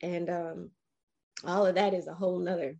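A woman in her forties, a podcast interview guest, telling her own life story in an animated, emotional way with frequent restarts. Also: fairly low pitch, normal speed, vocal fry, dull audio.

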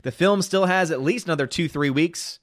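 A male live-stream host talks in a chatty, opinionated way, greeting viewers by name between long stretches of commentary. His voice sits a little high for a man, and the sound is dry and close with no room echo. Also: a little fast. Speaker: livestream host reading chat.

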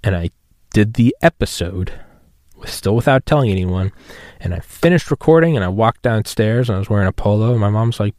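A man's voice: fairly low pitch, brisk, darkish tone, dry recording, studio quality. A man in his thirties hosting a solo podcast, rambling and profane and mocking himself as he talks. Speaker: podcast host.

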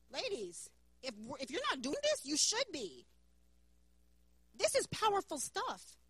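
A woman's voice: high voice, wildly swooping pitch, a little slow, pauses often, sharp tone, dry recording. A woman preaching a sermon in an emphatic, playful way.

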